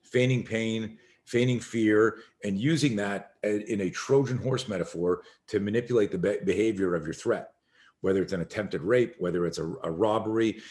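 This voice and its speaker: A middle-aged man, a self-defense instructor, telling an animated story as a podcast guest and acting out the voices in it. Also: fairly low pitch, moderate pace.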